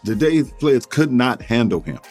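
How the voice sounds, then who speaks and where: A former basketball player giving a blunt, dismissive opinion in an interview. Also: male voice, mid-range voice, lively intonation, a little slow, a little mellow. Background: music.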